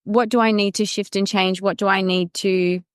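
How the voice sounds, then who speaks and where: A woman hosting a podcast interview, warmly affirming her guest in a casual way. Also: medium pitch, flat delivery, normal speed, smooth, no room sound, clean studio sound. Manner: affirming, encouraging. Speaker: podcast host.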